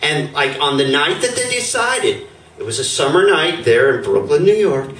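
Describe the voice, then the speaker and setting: A man's voice: fairly high pitch, big pitch swings, moderate pace, fairly bright tone. A man telling a personal story live on stage in a rambling way, full of fillers and chuckles. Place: stage before an audience. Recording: roomy stage sound from far off.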